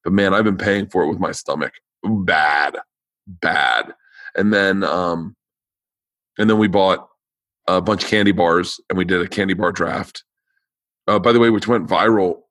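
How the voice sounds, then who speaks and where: A man with a fairly low voice hosts his podcast in loose, casual chat. His voice sounds worn out and has no push behind it. He rambles, stumbles and restarts his sentences, all in a dry, close sound. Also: normal speed, a bit bright, dry recording. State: tired voice with no power behind it. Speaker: podcast host.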